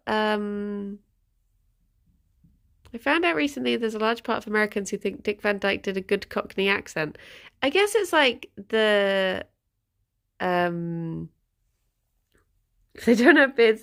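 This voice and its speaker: Giggly woman with a gravelly edge. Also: a little high, fairly bright tone. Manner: chatty, rambling, giggles often. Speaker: livestreamer. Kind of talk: casual chat with stream viewers.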